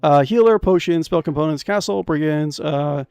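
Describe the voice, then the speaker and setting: Young male streamer, high voice, jokey first-play commentary, dry close sound, faint music underneath. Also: normal speed, smooth, no echo. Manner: excitable, jokey, reads game text aloud with crude asides. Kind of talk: casual gameplay commentary.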